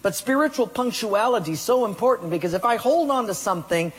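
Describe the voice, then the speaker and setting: A man's voice: high-pitched, expressive, fast talker, slightly rough. A man preaching a sermon and asking the congregation direct questions. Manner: asks the congregation questions, tells a joke with acted voices. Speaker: pastor. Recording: echoey hall reverb.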